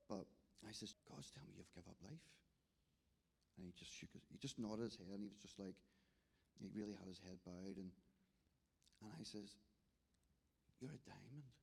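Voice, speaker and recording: A man's voice: sits low, steady tone, normal speed, creaky, darkish tone, breathy edge. A man with a Northern Irish accent telling a church testimony story, acting out the dialogue with frequent restarts. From Northern Ireland. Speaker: restorative justice volunteer giving testimony.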